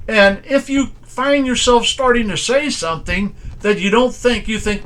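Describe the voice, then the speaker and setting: A pastor giving an informal, conversational sermon in plain, folksy speech, asking strings of rhetorical questions. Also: male voice, very high voice, normal speed, few pauses, a bit bright. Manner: plain everyday grammar.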